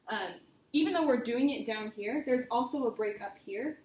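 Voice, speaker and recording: A woman's voice: a little high, normal speed, darkish tone. A woman voice teacher giving a private singing lesson, chatty and encouraging as she explains with vivid images. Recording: roomy studio with faint noise.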